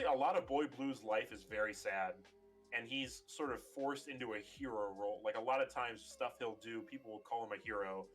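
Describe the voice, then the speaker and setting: Rambling low-voiced man on a podcast. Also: a bit bright. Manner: rambling, many fillers, acts out quotes. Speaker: podcast host. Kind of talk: casual chat.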